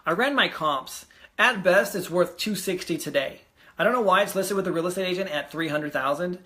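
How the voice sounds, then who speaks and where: A man's voice: high-pitched, brisk, sharp tone. A young man casually vlogging from home about a house deal, rambling with fillers and getting easily frustrated. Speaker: real estate investor vlogger. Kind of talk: casual video diary.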